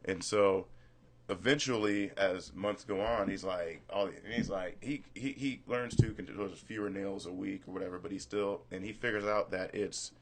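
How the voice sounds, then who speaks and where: Low-voiced man hosting a chat. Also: fairly even intonation, moderate pace, slight background noise. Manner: loose storytelling, laughs at himself. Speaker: podcast host. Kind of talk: casual chat.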